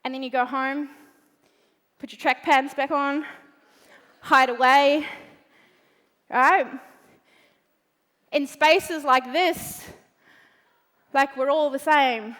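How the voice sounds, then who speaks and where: A woman's voice: high voice, fairly even intonation, takes it slowly, long pauses, fairly bright tone. A woman giving a brash, swearing motivational talk on a big event stage. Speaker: motivational speaker. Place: large event hall stage. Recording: reverberant large hall.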